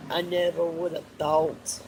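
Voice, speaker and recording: A man's voice: fairly high pitch, completely flat delivery, unhurried, noisy background. A man, crying as he talks heartfelt and repetitive to viewers on a live stream. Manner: tearful, heartfelt, repeats himself. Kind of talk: emotional live stream talk.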